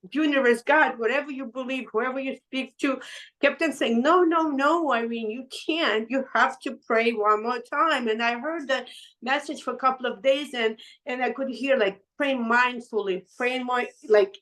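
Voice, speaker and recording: Middle-aged woman, fairly high voice, emotional, rambling testimonial chat. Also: a bit bright, low-quality recording. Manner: emotional, rambling, restarts often. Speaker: patch seller sharing her testimonial. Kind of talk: casual conversational testimony.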